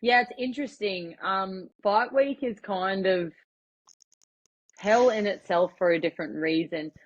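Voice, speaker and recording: A woman's voice: medium pitch, measured pace. A young Australian woman telling stories in a chatty, laughing way as a podcast guest. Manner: chatty, with many fillers and laughs. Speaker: guest, professional MMA fighter. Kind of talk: casual podcast storytelling. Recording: slightly muffled podcast audio.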